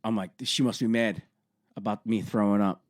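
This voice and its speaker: A man's voice: on the low side, steady tone, normal speed, no echo. A man in his thirties co-hosting a podcast, telling a profane story in casual chat into a close mic. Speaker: podcast co-host.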